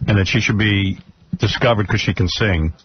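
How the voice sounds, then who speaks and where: A man's voice: fairly low pitch, normal speed. Man hosting radio, blunt, mocking, muffled lo-fi sound, slight noise. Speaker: radio host. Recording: dull lo-fi radio audio.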